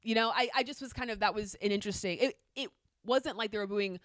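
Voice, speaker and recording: A woman's voice: mid-range voice, fast talker, dry recording, clean studio sound. A woman co-hosting a casual podcast, chatting loosely, restarting sentences and laughing often. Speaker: podcast co-host. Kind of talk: casual chat.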